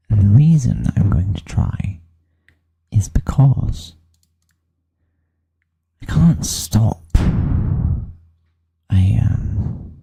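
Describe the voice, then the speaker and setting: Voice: deep voice, vocal fry, dark tone, breathy edge. A vlogger thinking aloud in a rambling, hesitant way while setting things up on a computer. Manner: rambling, hesitant, trailing off with many ums.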